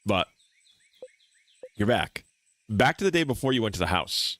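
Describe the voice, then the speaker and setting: A man's voice: lowish voice, very animated, normal speed, a bit bright. A man streaming a game playthrough, reading its dialogue aloud expressively and chatting with viewers.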